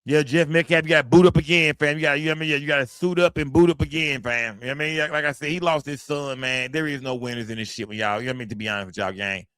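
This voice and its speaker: A man's voice: a little high, fairly even intonation, racing, few pauses, fairly bright tone, smooth, no room sound, clean studio sound. A man hosting a livestream, giving blunt, profane commentary and talking straight to his chat. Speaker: livestream host.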